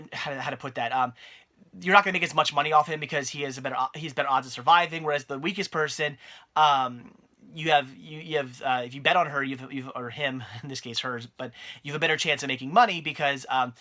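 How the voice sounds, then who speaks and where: Casual male reviewer, bright and slightly high, loose and rambling with lots of fillers. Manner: rambling, many fillers and restarts. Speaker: movie reviewer. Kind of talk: casual spoken movie review.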